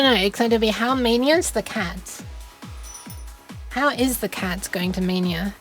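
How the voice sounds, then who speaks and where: A young woman streaming a game, chatting casually in a rambling, giggly way with lots of restarts. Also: medium pitch. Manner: rambling, giggly, self-interrupting. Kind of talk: casual live-stream chat while gaming.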